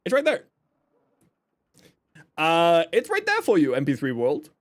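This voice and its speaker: Chatty streamer man with a lively, high voice. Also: a little slow. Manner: chatty, jokey, reads chat aloud and explains builds. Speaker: game streamer. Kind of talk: casual live stream chat.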